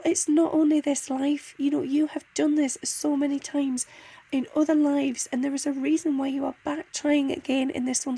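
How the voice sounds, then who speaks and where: Gravelly, mellow-voiced woman. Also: high-pitched. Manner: soft, heartfelt, with many restarts and pauses. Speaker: spiritual card reader. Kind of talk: channelled guidance reading.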